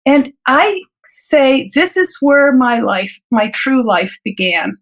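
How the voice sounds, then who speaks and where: High-voiced woman, earnest and reflective. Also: very animated. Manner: earnest, reflective, laughs lightly between thoughts; halting restarts and repeated words. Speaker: physician guest. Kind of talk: personal storytelling in an interview.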